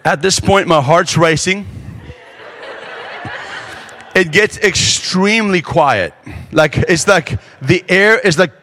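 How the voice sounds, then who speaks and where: A man preaching at a conference, telling a story with lively, acted-out quotes. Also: sits high, takes it slowly, pauses often. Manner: animated storyteller acting out quotes. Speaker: pastor. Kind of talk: sermon storytelling. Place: large conference hall. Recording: long hall reverb.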